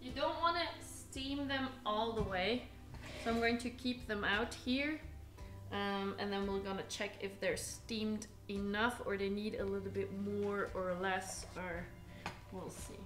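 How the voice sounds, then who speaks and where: Woman, home cooking livestreamer, relaxed unhurried chatter, self-teasing; roomy kitchen sound. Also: medium pitch, over music. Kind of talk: casual live cooking stream chat.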